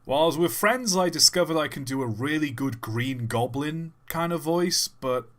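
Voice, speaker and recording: Bright-voiced rambling male streamer. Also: fairly high pitch, moderate pace. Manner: rambling, thinking aloud with fillers. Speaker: livestream host. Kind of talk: casual livestream commentary.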